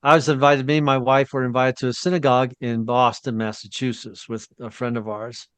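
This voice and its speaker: A man co-hosting a casual discussion, telling an anecdote in a rambling, animated way. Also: medium pitch, brisk, clean tone, no echo. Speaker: co-host.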